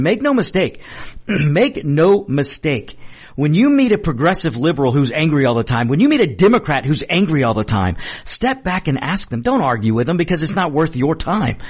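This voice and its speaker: A man hosting a political commentary monologue, talking emphatically with repeated phrases and stammering restarts. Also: medium pitch.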